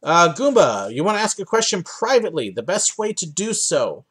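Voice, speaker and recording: A man's voice: sits high, big pitch swings, moderate pace, fairly bright tone, breathy edge. A young man from the United States hosting a livestream Q&A from his home office, chatting casually with lots of ums and uhs. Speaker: livestream host answering viewer questions.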